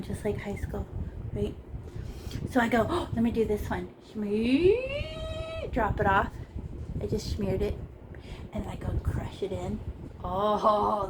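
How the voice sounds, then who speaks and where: A woman's voice: medium pitch, far from the mic, background noise. A woman teaching a painting lesson in a chatty, playful way, talking through every brushstroke. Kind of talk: casual painting tutorial.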